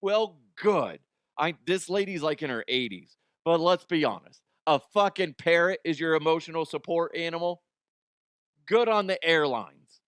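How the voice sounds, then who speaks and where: Man, crude mocking rant, comedic news host, higher-pitched, dry. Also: expressive, normal speed, fairly bright tone, dry recording. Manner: crude, ranting, mocking, breaks into silly voices. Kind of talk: profane comedic news commentary.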